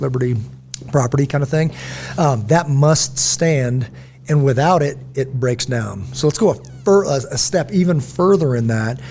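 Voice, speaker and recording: A man's voice: mid-range voice, creaky, a little hiss or hum. A middle-aged man hosting a casual podcast conversation, telling stories and acting out quoted voices. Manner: storytelling, animated, acts out quotes. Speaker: podcast host.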